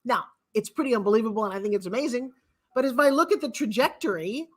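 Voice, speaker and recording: A woman in her sixties, appearing as a guest author, tells motivational stories with emphatic, repetitive phrasing. Her voice is a little high, animated, and fast.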